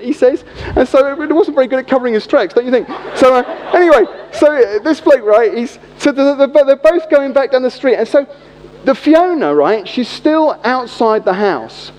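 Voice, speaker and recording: A middle-aged man with a British accent telling a story in a sermon, animated and chatty. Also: very high-pitched, moderate pace. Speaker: preacher. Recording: long reverb, dull lo-fi sound.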